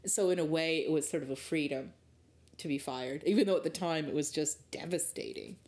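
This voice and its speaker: Here a guest in an interview, a middle-aged woman from rural Ontario, reflects candidly on how her career began. She talks briskly in a low, darkish voice, thoughtful but frequently stopping to start over.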